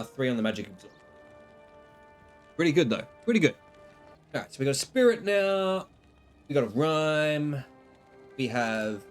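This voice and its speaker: A man giving casual gameplay commentary, chatty and a bit self-mocking, his voice stuffy from the flu. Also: medium pitch. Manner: chatty, self-deprecating, lots of pauses. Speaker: gaming video creator.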